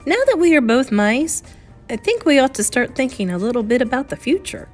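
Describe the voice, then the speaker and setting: A woman voicing a calm, sensible young boy turned into a mouse, speaking in a patient, matter-of-fact, gently teasing way. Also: high-pitched, brisk, soft background music, pitched above the performer's own voice. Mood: calm persuading.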